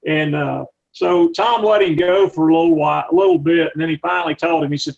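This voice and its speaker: A man who is an aviator and aircraft mechanic, not from Texas, tells rambling, folksy flying stories with slides, often restarting. His voice is a little high, brisk, gravelly and darkish, with hardly any pauses, and the sound is lo-fi.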